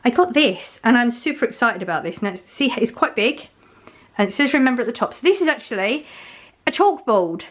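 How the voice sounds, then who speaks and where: A woman's voice: a little high, expressive, a little fast, fairly bright tone. A middle-aged woman, chatting casually to camera in a rambling way, with many fillers and restarts. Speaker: vlogger.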